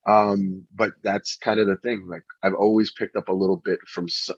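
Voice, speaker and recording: A middle-aged man, a pitching coach, chatting in an interview and telling anecdotes with frequent restarts. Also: little pitch movement, normal speed, husky, no room sound. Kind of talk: interview storytelling. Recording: dull lo-fi recording.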